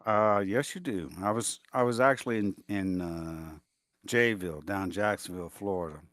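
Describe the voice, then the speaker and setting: A man's voice: deep voice, moderate pace, fairly bright tone, dry recording. A man chatting casually, rambling with hesitations as he tells old stories. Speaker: guest chatting. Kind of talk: casual chat.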